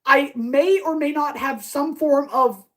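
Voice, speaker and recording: A woman blacksmith chatting fast and eagerly with her live-stream audience while she works in her workshop. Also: sits high, a bit bright, low-quality recording. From Canada. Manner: chatty, talks fast, answers chat eagerly. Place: workshop with power tools.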